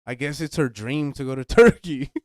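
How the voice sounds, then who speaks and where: A young man, co-hosting a podcast and telling stories in a relaxed way, swearing casually. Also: medium pitch, normal speed, no room sound, clean studio sound. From United States. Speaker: podcast co-host. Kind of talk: casual chat.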